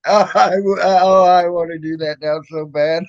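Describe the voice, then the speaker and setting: A man's voice: on the high side, steady tone, a little slow, highs cut off, very noisy. A man with a Southern US accent chatting crudely on a stream, joking and stumbling over restarts. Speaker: stream host. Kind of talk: casual chat.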